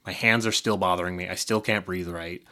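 A man's voice: low-pitched, steady tone, fairly quick, bright, forceful tone. A man co-hosting a podcast, short of breath, talking candidly in casual chat and swearing now and then. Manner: candid, swearing, laughing through hard news. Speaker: podcast co-host.

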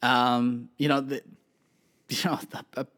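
A man in his thirties co-hosting a podcast, telling stories in a lively, chatty way with plenty of fillers. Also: mid-range voice, takes it slowly. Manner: animated storytelling with many fillers. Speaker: podcast co-host. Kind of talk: casual chat.

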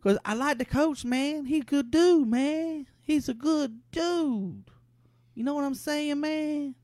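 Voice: sits high, slow, mellow, no room sound. A performer playing Santa's laid-back male cousin Leroy, drawling slang and calling everyone man in a comedic improvised bit. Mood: laid-back boasting.

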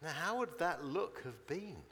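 A man's voice: on the high side, very animated, a little slow, a bit bright, slightly rough, long reverb tail. A man preaching a chatty sermon, telling stories and acting out their people in voices.

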